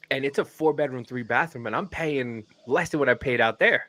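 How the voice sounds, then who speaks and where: A man chatting casually on a podcast, rambling and swearing as he tells animated stories. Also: mid-range voice, normal speed. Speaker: guest comedian.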